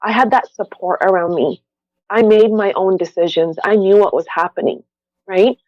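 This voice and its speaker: A woman's voice: medium pitch, moderate pace, no echo. An earnest, passionate woman speaking as a podcast guest about her work as a doula. Her voice comes across muffled and dull, recorded dry with no room sound, and she stresses her points with conviction. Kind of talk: podcast conversation.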